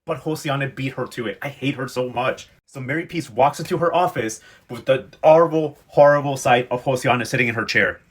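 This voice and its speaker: A man's voice: mid-range voice, brisk, hardly any pauses, slightly rough. A young man recapping a TV novela in a sassy, dramatic, emotionally invested way. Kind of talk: casual pop-culture recap.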